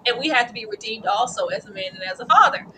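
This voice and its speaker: A woman co-hosting a TV recap show, animated and laughing, swinging from hushed asides to loud outbursts. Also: fairly high pitch, quick pace, slight background noise. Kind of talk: casual chat reviewing a TV episode.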